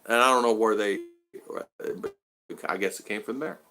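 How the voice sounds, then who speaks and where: Man, middle-aged, from the US, casual chat, bright voice, repeats himself. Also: lowish voice, normal speed. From United States. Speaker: vlogger.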